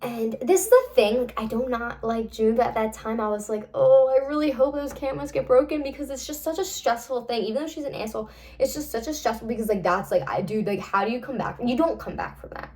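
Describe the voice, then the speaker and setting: A woman's voice: a little high, fast, few pauses, a little mellow. A young woman casually recapping a novel's plot, rambling with lots of fillers and frequent swearing. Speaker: book reviewer.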